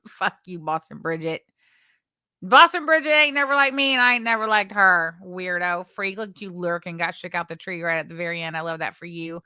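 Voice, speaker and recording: A woman's voice: lowish voice, moderate pace, bright, forceful tone, clear, resonant tone, dry recording, studio quality. A woman hosting a livestream, bluntly chatting, swearing and thanking viewers for super chats. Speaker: livestream host. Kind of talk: casual livestream commentary.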